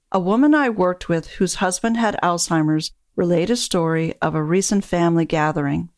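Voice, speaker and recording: A woman who coaches dementia caregivers, giving a calm, measured scripted narration. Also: lowish voice, dry recording, clean studio sound.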